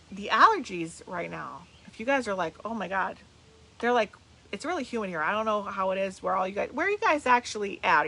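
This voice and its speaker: A bright, energetic middle-aged woman talks to her viewers over a webcam. She is from New Jersey and hosts a live stream as a medium, greeting people by name and chatting loosely. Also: medium pitch. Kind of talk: casual live-stream chat. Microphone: webcam on a video call.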